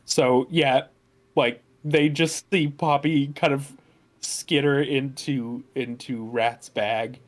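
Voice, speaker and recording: Guy at a tabletop game, slow and hesitant, lots of ums. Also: medium pitch, fairly even intonation. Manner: hesitant, many fillers. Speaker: player. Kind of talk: casual tabletop game chat.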